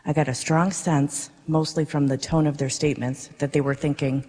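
A woman, a parishioner, reading her personal faith testimony to a congregation in an earnest, measured way. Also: low-pitched, little pitch movement, a little mellow, husky. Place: darkened church worship space. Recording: reverberant worship space.

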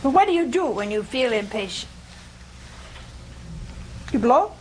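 A woman giving an informal scripture teaching to a small group, conversational and humorous, often pausing to ask her listeners "See?". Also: on the high side, sing-song, very noisy. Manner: conversational, keeps asking "See?" and questioning listeners; homespun humor, laughs at her own jokes. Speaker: religious teacher.

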